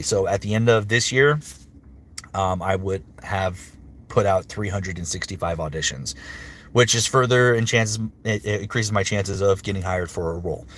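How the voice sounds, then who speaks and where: A man's voice: fairly low pitch, fairly bright tone. A man who works as a voice actor, chatting casually on a livestream and answering viewer comments with upbeat energy. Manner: chatty and upbeat, with frequent fillers and quick impressions. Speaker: voice actor streamer.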